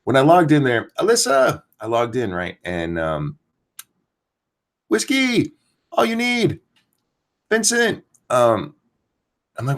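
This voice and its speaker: Gravelly lively-voiced male stream host. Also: mid-range voice, slow, long pauses. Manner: ranting, profane, greets chat viewers by name; keeps voice down so as not to wake someone. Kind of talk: casual live-stream chat.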